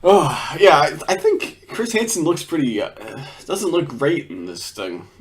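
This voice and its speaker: A man reacts to a video in loose, casual commentary. He swears freely and keeps breaking into laughter. His pitch swings widely as he talks. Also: huge pitch swings, unhurried. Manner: crude, laughs a lot, swears.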